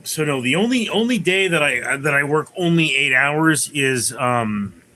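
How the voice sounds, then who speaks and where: A man's voice: on the high side, animated, measured pace, pushed and bright, low-quality recording. A man hosting a casual livestream, rambling through viewer comments and telling jokes. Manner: rambling, many fillers and restarts, tells jokes. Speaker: livestream host.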